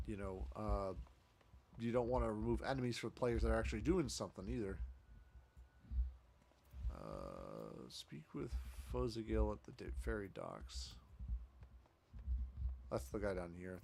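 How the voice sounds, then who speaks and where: A man's voice: lowish voice, vocal fry, a little mellow, slight background noise. A man streamer giving casual, rambling gameplay commentary, talking to himself as he plays.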